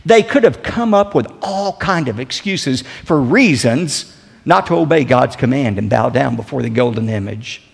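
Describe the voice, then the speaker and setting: A pastor delivering a sermon with dramatic swings in loudness and emphasis. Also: male voice, animated, normal speed, creaky, long reverb tail. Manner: dramatic preaching with big swings in pitch and volume.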